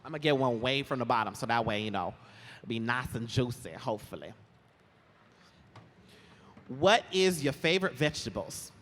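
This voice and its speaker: A young man chatting as an interview guest on a convention stage, animated and quick to laugh, telling his stories with lively put-on voices. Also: mid-range voice. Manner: animated, giggly, lively storytelling. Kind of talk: casual chat on stage. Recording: roomy hall with faint ambience.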